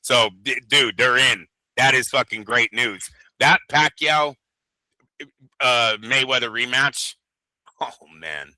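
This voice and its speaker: A man talking boxing in loose, casual chat, swearing freely and getting worked up quickly. His voice is very bright and forceful. The sound is close and dry. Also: mid-range voice, no echo, low-quality recording. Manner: animated, profane, excitable. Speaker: boxing show co-host.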